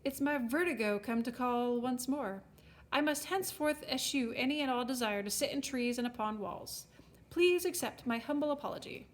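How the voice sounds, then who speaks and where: A woman voicing an odd, suave gentleman with a cracked face and a smooth British accent, formal and courteous. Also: high-pitched, normal speed, close to an everyday voice. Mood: apologetic.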